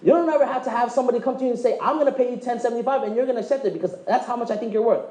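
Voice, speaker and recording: Man, motivational sales talk, high voice, jokey, quizzes audience, echoey room. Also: warm tone. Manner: joking, quizzes the audience, acts out quick dialogues. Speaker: presenter at a direct-sales meeting. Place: meeting room with live audience.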